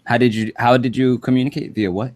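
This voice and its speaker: A man's voice: mid-range voice, little pitch movement, fast, a little mellow, muffled recording. A man co-hosting a podcast, chatting casually in an easygoing way and laughing along. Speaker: podcast co-host. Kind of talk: casual chat.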